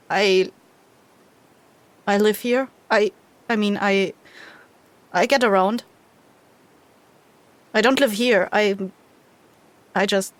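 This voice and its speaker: A woman voicing a cautious young stranger who speaks in quiet, clipped warnings. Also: medium pitch, no room sound.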